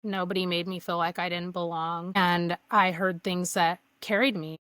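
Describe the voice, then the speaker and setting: A woman's voice: on the low side, little pitch movement, moderate pace, a bit bright, clean tone, no echo. A young woman candidly telling her personal story as a podcast guest, earnest, with many fillers and restarts.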